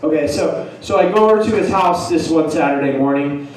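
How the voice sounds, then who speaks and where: A man in the middle of a comic story, talking in a hyper, giggly rush and slipping into the voices of the people he quotes. His voice sits a little high for a man. The sound is very echoey and comes from a little way off the mic. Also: a little fast, darkish tone, distant mic, a little hiss or hum. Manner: hyper, laughing, acts out quotes. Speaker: comedian telling a story. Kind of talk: storytelling stand-up.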